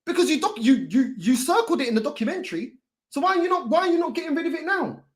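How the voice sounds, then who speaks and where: A woman's voice: sits high, very animated, fast talker. A woman hosting a fan channel, ranting in exasperation and firing off rhetorical questions. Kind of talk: heated football fan talk.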